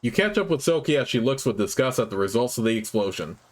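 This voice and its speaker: A man hosting a let's play, reading the game's narration aloud in a measured, even way. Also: medium pitch. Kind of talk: reading game text aloud.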